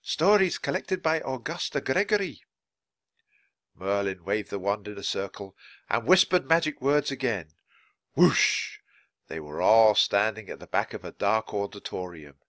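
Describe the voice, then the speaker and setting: A man reads a children's chapter book aloud at a natural pace for English learners. His reading is clear and expressive, with lively rises and falls. The recording is close and dry. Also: on the low side, moderate pace, no room sound. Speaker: storybook reader.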